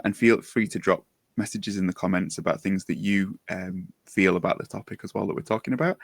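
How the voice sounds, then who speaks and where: A man hosting a casual podcast, his voice low and gravelly. He talks in an upbeat, jokey way. The sound is dry and close, with no room around it. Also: no room sound. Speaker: podcast host.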